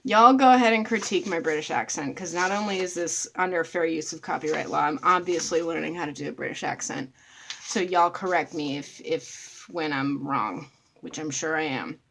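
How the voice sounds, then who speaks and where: A woman's voice: deep voice, moderate pace, vocal fry, a bit bright, slight background noise. Blunt swearing woman vlogger. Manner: blunt, swears freely, addresses viewers as y'all. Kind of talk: casual talk to camera.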